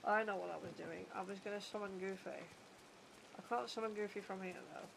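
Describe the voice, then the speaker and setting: A British-accented woman chats bluntly and casually with her livestream chat while she plays, swearing and poking fun at herself. Her mid-range voice is fairly quick, with vocal fry and fairly even intonation, over background noise.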